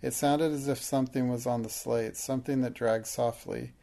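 A man's voice: medium pitch, fairly even intonation, moderate pace, vocal fry, mellow, lightly acted. A man voicing a proud, brave, imaginative young girl who speaks earnestly.

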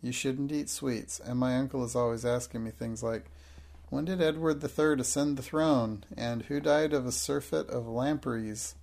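A man's voice: mid-range voice, steady tone, normal speed, gravelly, darkish tone, close to an everyday voice. A man reading aloud voices a plain-spoken, reflective young schoolgirl in a storybook. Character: plump, blunt young schoolgirl.

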